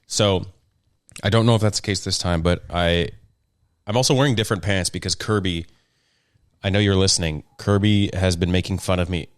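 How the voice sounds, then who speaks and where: Low-voiced rambling jokey young man. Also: fairly even intonation, brisk, smooth, dry recording, studio quality. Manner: rambling, jokey and self-deprecating. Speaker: podcast host. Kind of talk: casual solo podcast chat.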